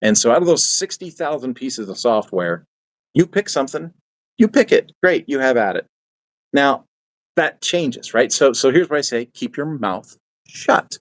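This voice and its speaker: Brief: older male host, mid-pitched, folksy storyteller who repeats his points. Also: lively intonation, normal speed, no room sound. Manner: folksy, repetitive, quotes himself in asides. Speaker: channel host. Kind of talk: casual spoken advice.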